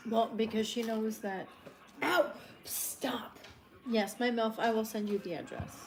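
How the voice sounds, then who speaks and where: A woman's voice: fairly high pitch, fairly even intonation, a little slow, creaky, a little mellow, a little hiss or hum. A woman with a Long Island accent, chatting bluntly and playfully on a casual livestream. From Long Island, New York.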